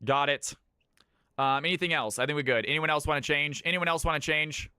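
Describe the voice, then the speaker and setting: Bright-voiced man hosting a live stream. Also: a little high, fairly even intonation, smooth, no room sound, studio quality. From California. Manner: brisk, swears, talks to chat. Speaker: streamer running viewer games. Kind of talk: casual live-stream chat.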